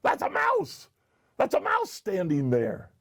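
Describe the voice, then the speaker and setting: A man's voice: big pitch swings, takes it slowly, gravelly, a little mellow, full character voice. A man voicing a big, sorry male elephant who frets and squeals in a storybook reading. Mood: terrified. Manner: high squealing cries.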